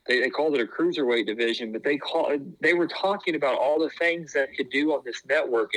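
A man's voice: a little high, a bit bright, dry recording, poor audio. A man chatting casually as a podcast co-host, rambling with lots of fillers and restarts. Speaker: podcast co-host, former wrestling tryout. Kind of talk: casual chat.

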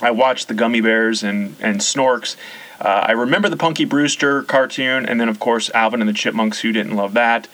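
A man's voice: mid-range voice, moderate pace. A man in his forties, from the central United States, hosting a casual nostalgic conversation and rattling off lists. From US Central region. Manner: rattles off lists, chatty and relaxed. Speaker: podcast host.

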